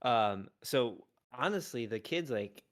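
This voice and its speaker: A man's voice: medium pitch, lively intonation, slow pace, a bit bright. A man in his thirties, a podcast co-host and father of three, chatting casually with lots of "like" and "um". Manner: loose, filler-heavy questions. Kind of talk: casual chat.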